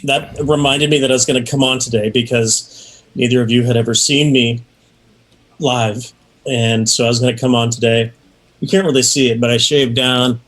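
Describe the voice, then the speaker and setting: Soft hesitant guest guy, mid voice. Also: medium pitch, steady tone, normal speed. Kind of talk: casual chat.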